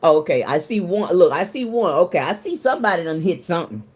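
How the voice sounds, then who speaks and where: A woman's voice: fairly low pitch, big pitch swings, fairly quick, darkish tone, breathy edge. Chatty woman hosting a livestream. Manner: chatty, greets viewers by name, laughs often; emotional, confiding. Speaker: livestream host. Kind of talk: casual livestream chat with viewers.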